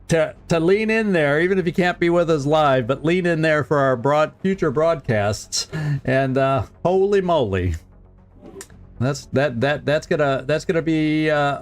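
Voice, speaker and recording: Chatty man streaming a strategy game. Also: a little high. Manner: chatty, chuckles often, repeats words while thinking aloud. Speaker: gaming streamer. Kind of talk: casual let's-play commentary.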